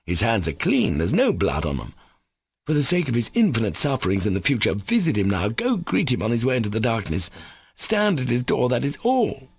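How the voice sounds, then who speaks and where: A man's voice: mid-range voice, wildly swooping pitch, brisk, gravelly, husky, voice pushed up, heavily acted. A man voicing an earnest young man in an audiobook, who speaks with urgent emphasis. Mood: insistent. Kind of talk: audiobook character voice.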